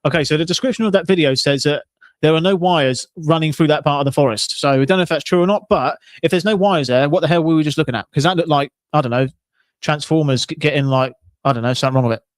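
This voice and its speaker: A man's voice: fairly high pitch, fast talker, no echo, studio quality. A man streaming and joking his way through reactions to videos. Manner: jokey, mild swearing substitutes. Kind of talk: casual reaction commentary.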